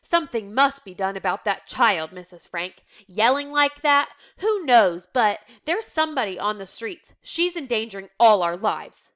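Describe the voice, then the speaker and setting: A woman reading a play aloud, voicing an irritable, exasperated middle-aged man in a sharp, scolding way. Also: sits high, very animated, moderate pace, hardly any pauses, pitched above the performer's own voice, exaggerated voice. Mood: complaining.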